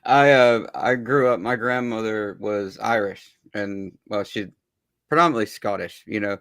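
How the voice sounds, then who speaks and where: A man hosts a laid-back stream in a loose, casual way, swearing freely and laughing often. His voice is gravelly and sits in a middle range. The sound is dry. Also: on the low side, normal speed, fairly bright tone, no room sound. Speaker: stream host.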